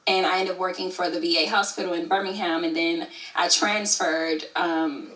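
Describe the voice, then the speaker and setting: A woman in her thirties from Alabama with a bright, forceful voice, talking in a chatty storytelling way and laughing easily. She sits a little away from the microphone in an echoey room. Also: on the low side, fairly even intonation, normal speed, distant mic. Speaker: YouTube creator of scripted shows. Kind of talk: casual interview answers.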